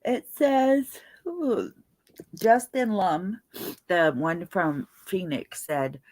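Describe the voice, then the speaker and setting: A young livestream host, tired and yawning, greets her viewers by name in a chatty, leisurely manner. Her lowish voice is expressive and a little mellow, recorded dry.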